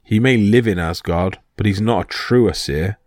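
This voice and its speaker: A man's voice: lowish voice, normal speed, a little mellow, dry recording, clean studio sound, lightly acted. A man voicing a hulking, cruel male frost giant king who speaks in a growling, menacing way.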